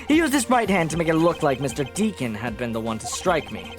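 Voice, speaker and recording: Lively woman streamer reading game text. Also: low voice, a little fast. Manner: expressive, lively, joking asides. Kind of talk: reading game dialogue aloud. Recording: game music playing behind.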